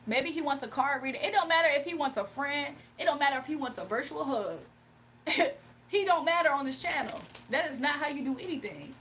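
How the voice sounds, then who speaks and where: High-pitched woman streamer, indignant casual rant, faint hum behind. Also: a little fast. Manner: animated, indignant, emphatic with laughs. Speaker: live streamer and spiritual reader. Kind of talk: casual ranting livestream.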